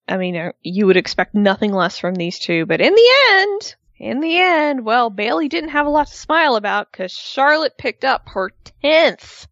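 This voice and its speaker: A woman co-hosting a casual wrestling recap, expressive and acting out quotes in high voices. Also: dry recording, muffled recording. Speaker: podcast co-host.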